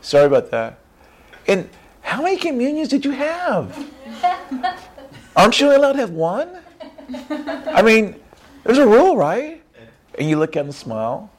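A man preaching a lively sermon, acting out churchgoers in quick character voices and tagging lines with "right?". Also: high-pitched. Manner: acts out church members in character voices, says "right?" often. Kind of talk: animated sermon.

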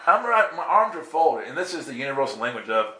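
A man's voice: medium pitch, very animated, fast talker, pushed and bright. A man animatedly telling a faith story, acting out dialogue and laughing often. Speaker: guest telling a testimony. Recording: echoey room with faint ambience.

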